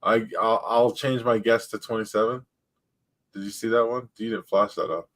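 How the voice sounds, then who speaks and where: Man, co-host, lowish voice, halting and unsure, casual stream chat. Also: steady tone. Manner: halting, unsure, full of fillers.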